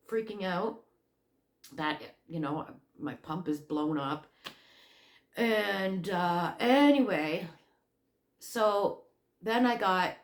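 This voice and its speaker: Slow-talking woman in an echoey room. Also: mid-range voice. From Canada. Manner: rambling, animated retelling with many fillers and restarts. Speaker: crochet channel host. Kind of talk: casual storytelling vlog.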